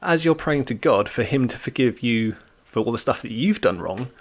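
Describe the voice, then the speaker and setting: A man delivering an informal church talk aimed at young listeners. His voice sits at an ordinary middle pitch, and his delivery is chatty and playful, with a steady teacherly thread running through it. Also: normal speed. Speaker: youth church speaker.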